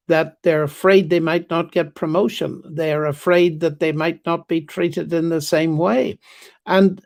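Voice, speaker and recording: An older man speaks as an interview guest, his voice sitting a little high. He talks in a measured, formal way and stresses key words as he recounts a story.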